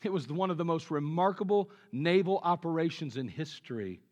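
A man preaching a sermon with earnest conviction, dropping low and quiet on his key points. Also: expressive, brisk, highs cut off. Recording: long reverb of a large hall.

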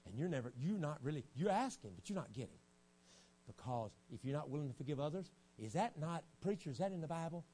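High-voiced, folksy revival preacher. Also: male voice, quick pace, a little hiss or hum. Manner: folksy and animated, acts out stories. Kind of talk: revival sermon. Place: church sanctuary.

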